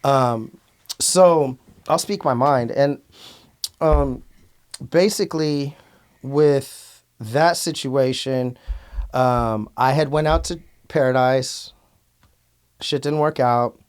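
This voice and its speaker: A man's voice: medium pitch, takes it slowly, pauses often, clear, resonant tone. Outspoken bay area guy telling stories, cusses a lot, lots of ums. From Antioch, California. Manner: outspoken, blunt, swears freely, many fillers. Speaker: rapper and podcast guest. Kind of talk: casual storytelling interview.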